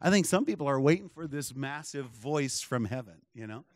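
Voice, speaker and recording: A man's voice: mid-range voice, lively intonation, normal speed, a little mellow, no room sound, studio quality. A man preaching a sermon in a conversational, storytelling way, full of asides to the congregation. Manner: conversational, many asides and checks with the crowd. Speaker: pastor. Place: church.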